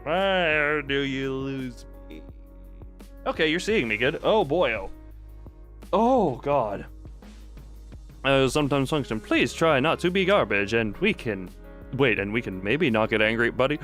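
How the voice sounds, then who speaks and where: A man's voice: medium pitch, lively intonation, unhurried, pauses often, a bit bright. A young man chatting casually on a late-night stream, rambling and cutting himself off mid-sentence. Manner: rambling, self-interrupting, chatty. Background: faint background music.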